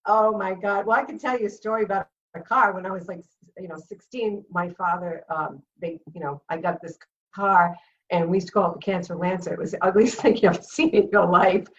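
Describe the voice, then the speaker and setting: A woman's voice: medium pitch, brisk, slight background noise. Laughing woman on distant, muffled audio. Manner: lively, laughing storyteller. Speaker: comedian guest. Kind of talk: casual chat storytelling.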